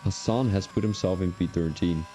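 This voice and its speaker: A man's voice: low voice, moderate pace, mellow, soft background music. A man commentating a sim racing league qualifying session on a live stream, chatty and drifting into rambling personal asides between the lap calls.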